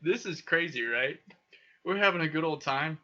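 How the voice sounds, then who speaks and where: A young man hosting a podcast, telling wild stories in a casual, profane, animated way with frequent laughter. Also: on the high side, normal speed. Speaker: podcast host. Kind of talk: casual storytelling. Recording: dull lo-fi sound.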